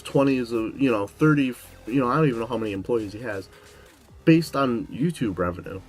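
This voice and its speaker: A young man hosting a casual Q&A vlog, rambling with lots of "like" fillers, his voice going a bit hoarse. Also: medium pitch. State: losing his voice. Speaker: YouTube host.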